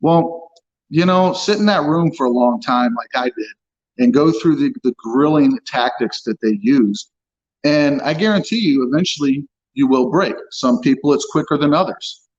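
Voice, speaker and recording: A man tells his own story as an interview guest, candid, blunt and frank, swearing freely as he goes. His voice is medium-pitched at a normal speed, with the high frequencies cut off.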